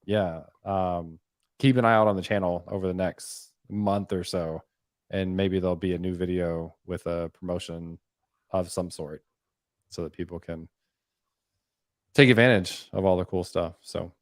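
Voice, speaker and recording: A man's voice: low-pitched, fairly even intonation, a little slow, no room sound, clean studio sound. A man hosting a live stream, chatting casually and rambling with frequent "um"s and "like"s. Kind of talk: casual chat.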